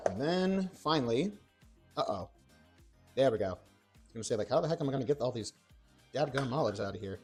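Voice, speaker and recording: A young man chatting on a cooking livestream, rambling and excitable, with playful exclamations and restarts. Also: mid-range voice, a little fast, long pauses. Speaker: streamer. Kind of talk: casual cooking livestream chat. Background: faint background music.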